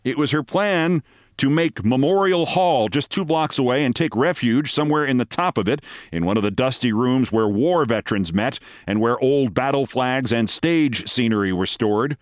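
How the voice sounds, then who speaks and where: A man's voice: mid-range voice, animated, moderate pace, no echo, studio quality. A man reading a humorous story aloud in a vivid, dramatic storytelling manner. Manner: vivid storytelling, loudly acting out shouted cries.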